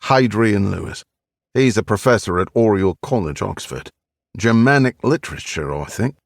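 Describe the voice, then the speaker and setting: A man's voice: lowish voice, expressive, normal speed, creaky, dry recording. A man voicing a retired Cockney special forces captain in his sixties, dry and evasive, in an audiobook. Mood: wry, evasive. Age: 60s.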